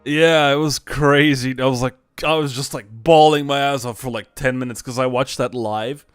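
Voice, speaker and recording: Excitable young man streaming a game. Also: medium pitch, moderate pace, clean tone, dry recording, soft background music. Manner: excitable, swears freely, laughs often. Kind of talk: casual live stream chat.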